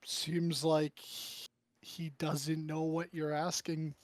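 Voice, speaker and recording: A man running a tabletop game as game master, narrating with many pauses and throat-clearing. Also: fairly high pitch, flat delivery. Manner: halting, full of ums and throat-clearing.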